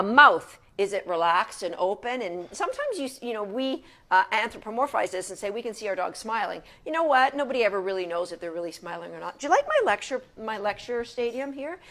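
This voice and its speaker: A woman's voice: mid-range voice, a bit bright. A woman dog trainer giving an informal lecture from her couch at home in a chatty, casual way with frequent restarts.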